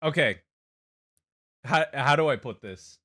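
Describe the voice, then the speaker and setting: A young man from Hawaii talks casually to his stream chat at a middle pitch. He rambles, stumbles over restarts and breaks into quick laughing asides. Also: expressive, sharp tone. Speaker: game streamer.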